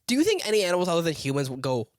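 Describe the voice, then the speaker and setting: Fast-talking animated young man. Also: fairly high pitch, dry recording, studio quality. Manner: animated, joking, swears freely. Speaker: podcast co-host. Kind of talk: casual chat.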